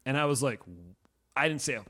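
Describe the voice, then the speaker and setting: A man's voice: mid-range voice, fairly quick, fairly bright tone. A man hosting a podcast, rambling and swearing in casual, crude chat. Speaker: podcast host.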